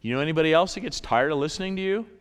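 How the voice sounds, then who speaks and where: A man preaching a sermon in a church, animated, repeating his points and acting out little voices. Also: on the high side, very fast, clear, resonant tone, in a large hall. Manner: animated, repeats phrases, acts out voices in quotes. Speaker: pastor. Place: church sanctuary.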